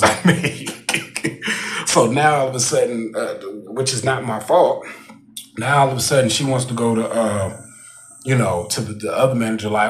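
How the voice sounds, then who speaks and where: A man talking casually in a vlog, rambling with repeated asides to the viewer. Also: mid-range voice. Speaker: vlogger.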